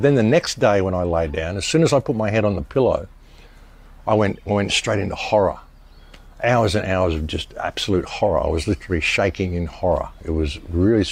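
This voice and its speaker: A man's voice: lowish voice, a little mellow, slightly rough. A man talking straight to his viewers in a casual monologue, rambling and emphatic, often restarting his sentences. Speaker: online commentator.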